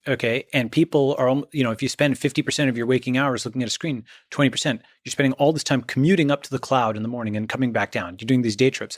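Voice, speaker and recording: A man's voice: mid-range voice, no room sound, clean studio sound. A man speaking as an interview guest, emphatic, often checking in with "okay?" and "right?". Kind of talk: conversational interview.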